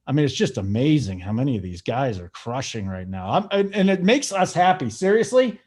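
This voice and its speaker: A man hosting a casual sports betting show, hyped and joking as he gives shout-outs. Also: mid-range voice, very animated, fairly quick. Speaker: show host.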